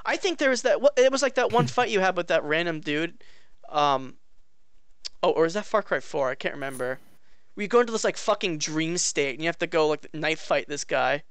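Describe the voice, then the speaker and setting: Young male podcast co-host, animated pitch, dry close mic, profane and laughing banter. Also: a little fast, smooth, dry recording. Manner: swears a lot, laughs often, acts out silly voices. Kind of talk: casual chat.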